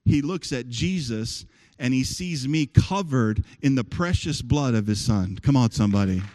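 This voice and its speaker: A man preaching a sermon as pastor to his congregation, animated, with call-and-response. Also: medium pitch, moderate pace. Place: church sanctuary with congregation.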